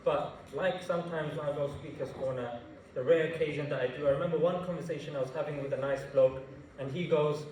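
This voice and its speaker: High-pitched man in an echoey hall. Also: a little fast, a little hiss or hum. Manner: animated, jokey, slangy storytelling. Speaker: invited speaker. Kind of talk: public talk to students. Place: large university hall. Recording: echoey hall, mic far off.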